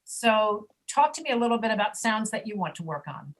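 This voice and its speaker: A woman's voice: medium pitch, very animated. Patient woman teaching pronunciation online. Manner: patient, demonstrates sounds slowly and repeatedly. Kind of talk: online class instruction. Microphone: video call.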